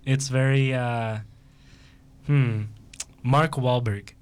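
A man's voice: mid-range voice, fairly even intonation, extremely slow, smooth. A young man from Long Island hosting a casual group chat, often laughing and teasing. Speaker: host.

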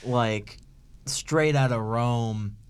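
A man's voice: medium pitch, very slow, clean tone. A man co-hosting a casual chat, teasing and playful.

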